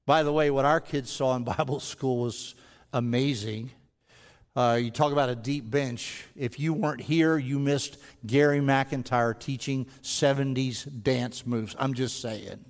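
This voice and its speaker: A man's voice: mid-range voice, fairly even intonation, a little slow. A man preaching a sermon as senior pastor, talking conversationally with frequent stammered restarts and building into intense rhetorical questions. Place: large church sanctuary. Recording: long hall reverb from a large sanctuary.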